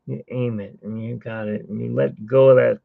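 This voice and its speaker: A man's voice: mid-range voice, fairly even intonation, moderate pace, vocal fry, no echo, phone-quality sound. A tired man who got little sleep, hosting a live drawing stream and chatting casually in a rambling way as he works. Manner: rambling storyteller, hums while working.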